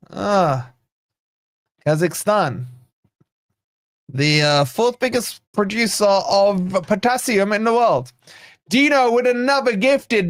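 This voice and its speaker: A man's voice: sits high, animated, slow pace, pauses often, no room sound, studio quality. A man hosting a live football watch-along, bantering and reading viewer comments aloud. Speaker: host of a football fan channel watch-along.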